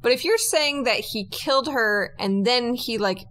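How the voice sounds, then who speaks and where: A woman's voice: a little high, lively intonation, a little slow, fairly bright tone. A woman co-hosting a true-crime podcast, reacting bluntly with sarcastic asides. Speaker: podcast co-host.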